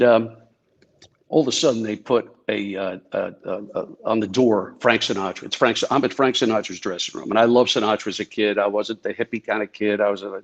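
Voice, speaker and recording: His voice is on the low side with vocal fry, and the recording has its highs cut off. He's a former Secret Service agent from New Jersey, a guest on a video call spinning chatty, filler-heavy anecdotes.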